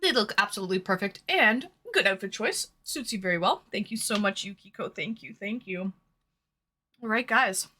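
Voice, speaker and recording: A woman's voice: medium pitch, animated, moderate pace, sharp tone. A woman from Massachusetts with a Massachusetts accent, hosting a casual livestream and chatting while eating, on a webcam mic. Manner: chatty, reads chat aloud, eats between words. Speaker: streamer hosting online dates.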